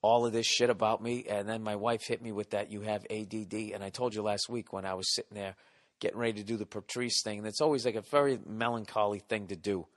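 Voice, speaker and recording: A man's voice: on the low side, fairly even intonation, quick pace, big-room sound. A middle-aged man hosting a podcast, telling a comic story in a profane, exasperated rant. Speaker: podcast host.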